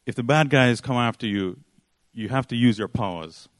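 A man's voice: mid-range voice, normal speed, dry recording, lightly acted. A man quoting a worried, protective superhero mother in an urgent, raised voice.

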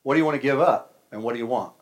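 A man's voice: medium pitch, rapid-fire, natural voice. A man voicing the devil as a sly pawnbroker bargaining over a trade, in a casual haggling way.

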